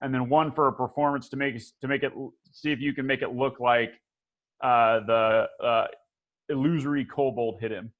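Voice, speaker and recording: A man's voice: medium pitch, fairly even intonation, normal speed, phone-quality sound. A man running a tabletop game as dungeon master, rambling with frequent restarts and laughter.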